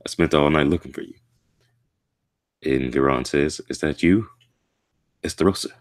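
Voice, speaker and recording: A man reading a manga chapter aloud and reacting to it in a casual, slangy way, with excitable outbursts. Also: rumbling low, measured pace, long pauses.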